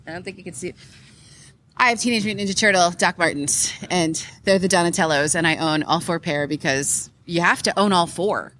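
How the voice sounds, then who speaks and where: An eager, chatty woman with a slightly low voice, talking on a live podcast at a convention. She rambles happily with fillers and little laughs. Faint convention noise sits underneath. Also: fairly quick, a bit bright. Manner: chatty and enthusiastic, giggly, frequent fillers. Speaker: podcast co-host. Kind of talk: casual chat recorded live at a convention. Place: convention hall behind a curtain.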